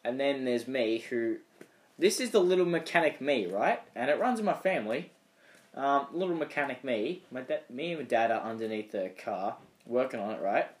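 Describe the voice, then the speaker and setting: A man's voice: mid-range voice, expressive, normal speed. Young Australian man telling rambling stories. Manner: rambling storyteller, acts out voices. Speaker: podcast co-host. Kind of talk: casual chat.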